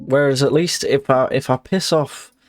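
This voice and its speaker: A man's voice: medium pitch, steady tone, moderate pace, faint music behind. A man chatting casually on a live stream, rambling and self-mocking, swearing freely.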